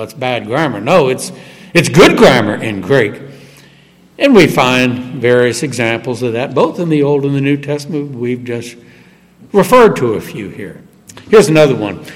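A man preaches with a somewhat high voice that swings widely in pitch, leaning hard into every quoted verse. He is heard in a church sanctuary, and his voice trails off in a long reverb. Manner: emphatic, rising sharply on quoted verses. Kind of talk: sermon.

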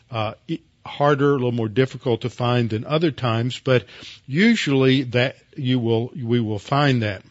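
A man preaching as a pastor in a measured teaching sermon, often pausing with fillers and restarting his words. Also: mid-range voice, no room sound, muffled recording. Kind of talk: expository Bible teaching.

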